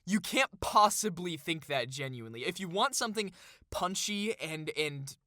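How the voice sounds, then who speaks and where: A man's voice: sits high, animated, normal speed, pushed and bright, no room sound, clean studio sound. A young man ranting through commentary on an article with a sarcastic, heated and blunt manner.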